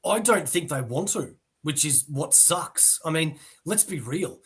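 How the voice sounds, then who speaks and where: A man's voice: on the high side, expressive, unhurried, fairly bright tone, slightly rough. A man, talking casually and bluntly about comics as a guest. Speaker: podcast guest. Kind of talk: casual chat.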